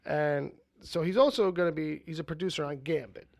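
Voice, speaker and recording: A man's voice: fairly high pitch, a little fast, vocal fry, darkish tone, no room sound. A man co-hosting a podcast, rambling casually about movie news, with frequent swearing and laughter. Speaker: podcast co-host.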